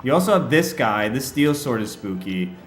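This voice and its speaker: A man's voice: medium pitch, very animated, moderate pace, a bit bright, a little hiss or hum. A man streaming a game, chatting casually with his viewers, laughing often and talking straight to them. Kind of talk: casual livestream chat and game commentary. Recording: echoey room with faint music.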